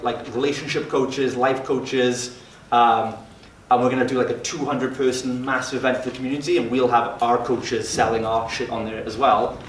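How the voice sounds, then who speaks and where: A man's voice: medium pitch, a bit bright, slight background noise. A man leading a mastermind group for gym owners, talking in a brash and profane way. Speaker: fitness business mentor. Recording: roomy sound from a distant mic.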